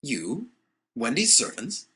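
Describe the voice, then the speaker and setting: A man's voice: medium pitch, wildly swooping pitch, takes it slowly, bright, forceful tone, pitched above the performer's own voice, exaggerated voice. A man voicing a proper older brother, a boy who is easily astonished. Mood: incredulous.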